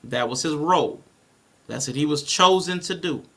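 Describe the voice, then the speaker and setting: Bright, gravelly-voiced man on a podcast. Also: a little high, normal speed. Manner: animated, reads scripture aloud and explains it. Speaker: podcast co-host. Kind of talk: casual panel discussion.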